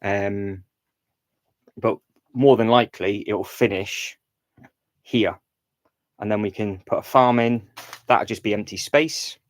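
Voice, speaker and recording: A low-voiced man talks casually to his livestream audience as he works, thinking aloud and rambling through restarts and fillers. He drifts away from the desk mic now and then. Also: steady tone, takes it slowly, long pauses, rough recording. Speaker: livestream host. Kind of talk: casual live-stream chat while building.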